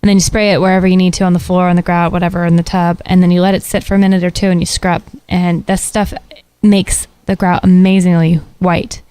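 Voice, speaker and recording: A woman's voice: fairly low pitch, flat delivery, fast talker, dark tone, clear, resonant tone, dry recording. Chatty woman co-hosting, dry sound. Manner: chatty, laughs easily. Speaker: podcast co-host. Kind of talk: casual chat.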